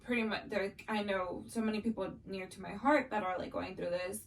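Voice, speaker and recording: A young woman co-hosts a podcast in casual chat, her speech halting and full of "like." She sounds a bit distant from the microphone. Faint room noise sits under her voice. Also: medium pitch, steady tone. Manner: halting, heavy use of "like". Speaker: podcast co-host. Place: bedroom.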